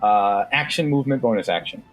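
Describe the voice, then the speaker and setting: A man's voice: medium pitch, brisk, faint music behind. A man narrating a tabletop game as game master, casual, with many fillers.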